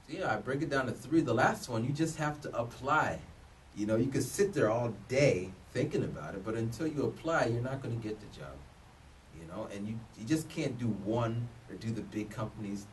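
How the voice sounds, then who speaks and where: A man in his thirties chats casually to the camera, joking and often restarting mid-sentence. His pitch swings widely and animatedly. He sits some distance from the mic, with a faint background hum. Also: lively intonation, normal speed. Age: 30s. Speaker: vlogger giving job advice. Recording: voice a bit distant from the mic, faint room noise.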